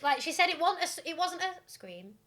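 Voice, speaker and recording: A young woman co-hosting a podcast, retelling listener stories in a casual, animated way with lots of fillers and giggles. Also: extremely high pitch, a little fast. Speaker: podcast co-host.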